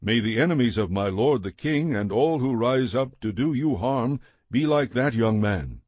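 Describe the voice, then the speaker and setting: A man's voice: medium pitch, lively intonation, moderate pace, a little mellow, no room sound, lightly acted. A man reading the lines of a male runner bringing formal news to a king.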